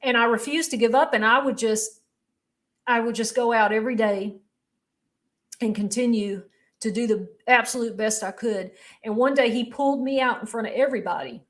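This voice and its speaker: A middle-aged woman speaks in a fairly high voice as she recounts her own story in an interview. She is candid and emotional, and she often halts and restarts mid-sentence. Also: normal speed, fairly bright tone. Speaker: interview guest.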